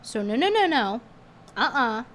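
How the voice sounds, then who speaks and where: A woman streamer in casual commentary, talking sarcastically and animatedly, flaring up indignantly, her voice going a little hoarse. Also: on the high side, big pitch swings, measured pace, a bit bright, a little hiss or hum.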